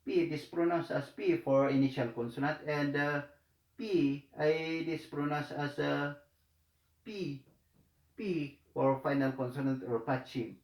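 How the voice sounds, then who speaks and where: Slow, halting man in an echoey room. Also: a little high, darkish tone. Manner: halting, many fillers and repetitions. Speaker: language teacher. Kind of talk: slow hesitant tutorial explanation.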